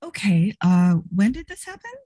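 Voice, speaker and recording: A woman's voice: mid-range voice, big pitch swings, moderate pace, warm tone. A woman playing a tabletop role-playing game, asking questions in character. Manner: inquisitive, many questions. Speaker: player.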